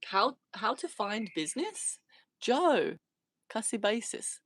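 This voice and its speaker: A woman's voice: on the high side, sing-song, slow pace, a bit bright. A British woman hosting a casual livestream, reading and answering viewer comments, laughing often and swearing freely. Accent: British English. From Britain. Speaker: livestream host.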